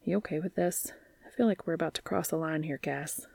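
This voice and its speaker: Dean, a soft-spoken teasing young man, as a woman puts him on. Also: sits low, brisk, creaky, no echo. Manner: soft, hushed delivery.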